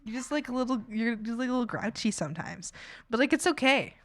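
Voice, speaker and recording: A woman streaming while she works on art, telling stories in a casual, animated way, acting out quotes and laughing often. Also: on the high side, fast talker, no echo, clean studio sound. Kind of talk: casual chat while drawing.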